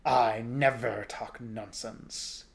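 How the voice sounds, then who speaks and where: Man doing a buzzing snarling insect monster, storybook villain, slow and looming. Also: medium pitch, fairly even intonation, vocal fry. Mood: menacing. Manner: slow, drawn-out, looming delivery.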